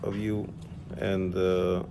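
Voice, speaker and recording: Male teacher, lowish voice with some fry, patient explainer in a casual one-on-one class. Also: little pitch movement, slow pace, warm tone, a little hiss or hum. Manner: explanatory, checks in with "yeah?". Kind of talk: informal religious class.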